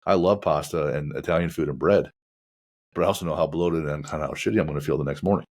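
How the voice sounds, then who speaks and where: A man hosting a podcast in a very deep voice. He talks in a measured, reflective way and lets his questions wander before he lands them. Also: darkish tone. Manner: measured, reflective, asks long rambling questions. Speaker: podcast host. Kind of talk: casual interview chat.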